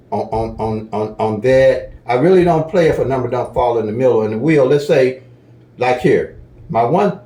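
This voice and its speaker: Chatty man with a mellow voice in an echoey room. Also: mid-range voice. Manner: folksy, chatty, repeats "okay?" to check in. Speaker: lottery strategy teacher. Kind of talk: casual tutorial walkthrough.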